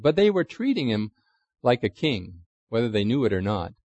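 A man's voice: mid-range voice, big pitch swings, moderate pace, a little mellow, breathy edge, no room sound. A man preaching a sermon, chatty and conversational, asking the listeners questions and acting out quotes. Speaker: pastor.

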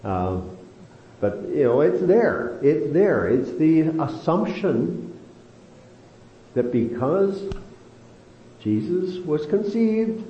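A man leads a Bible study, his pitch rising and falling in a lively, animated way. He talks slowly and deliberately, drawing out key phrases. The sound is roomy and a little dull, with faint hiss behind him. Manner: lively, animated delivery with slow emphatic stretches. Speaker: Bible teacher.

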